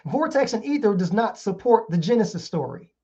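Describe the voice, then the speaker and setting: A man's voice: high voice, very animated, a little fast, dark tone, slightly rough. A man giving a heated casual lecture, reading out articles and asking rhetorical questions again and again. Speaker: online show host. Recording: dull lo-fi sound.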